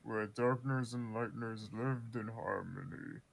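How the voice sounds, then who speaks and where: A man voicing a menacing, weary king of cards from a game, in a slow, grand manner. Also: on the low side, creaky, heavy background noise. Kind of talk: fan voice-over of game dialogue.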